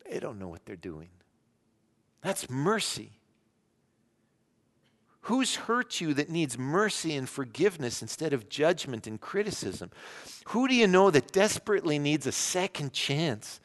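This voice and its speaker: A man preaches with a fairly high voice, pressing hard on key words and then dropping to a hush. His sermon rings out with a long reverb, as in a large church. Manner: earnest preaching, shifting between loud emphasis and hushed lows. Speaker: pastor.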